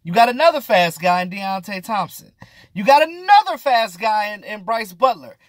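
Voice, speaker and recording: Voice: mid-range voice, animated, normal speed, no room sound. A sports vlogger ranting through casual, exasperated commentary, with slang and swearing, hammering points by repeating them.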